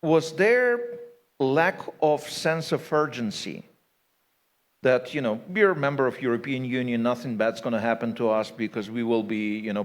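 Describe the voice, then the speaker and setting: Ukrainian guy moderating a panel, english not his first language, asks long questions. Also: medium pitch. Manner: searching for words, long framing questions. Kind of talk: panel discussion.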